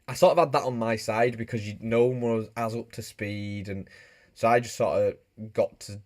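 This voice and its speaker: A man's voice: fairly low pitch, steady tone, moderate pace, a little mellow, dry recording. A man from Bradford with a Yorkshire accent, chatting casually and jokily on a live stream while he reads out viewer comments. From Bradford, England. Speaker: motorbike streamer.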